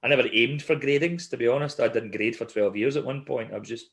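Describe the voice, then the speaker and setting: A man co-hosting a relaxed podcast who tells his stories with animated energy. He laughs between lines and keeps a conversational, mid-pitched tone. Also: fast talker, vocal fry. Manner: animated storyteller, laughs through his anecdotes. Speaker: podcast co-host. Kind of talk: casual podcast chat.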